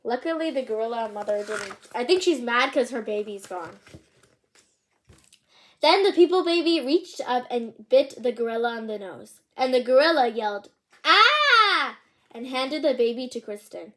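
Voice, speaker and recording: A woman reads a picture book aloud, pausing for chatty, curious remarks about the pictures. Her voice sits a bit high, and she moves easily between the story and her asides. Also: lively intonation. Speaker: channel host reading a picture book aloud.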